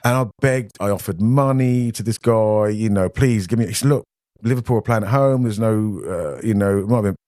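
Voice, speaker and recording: A man's voice: fairly low pitch, a little fast, dark tone, dry recording, clean studio sound. A British man, a podcast guest, telling rambling anecdotes in casual conversation and acting out the voices of people he quotes. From Britain. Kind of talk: casual storytelling.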